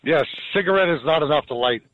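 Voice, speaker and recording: A man's voice: on the high side, fast, no echo. A man calling into a radio talk show, confident and matter-of-fact. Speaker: caller. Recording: tinny phone line.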